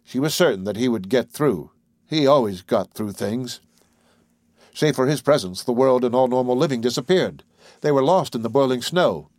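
A man narrating an audiobook in a measured, unhurried way. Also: medium pitch, expressive, a little mellow, dry recording, studio quality.

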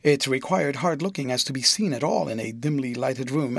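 A man narrating an audiobook in a measured, expressive storytelling manner. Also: medium pitch, gravelly, dry recording.

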